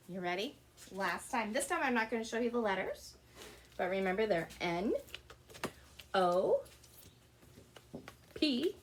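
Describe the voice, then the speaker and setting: A young woman teaching preschoolers letter sounds in a slow, sing-song circle-time lesson. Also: fairly high pitch, very animated, a little hiss or hum.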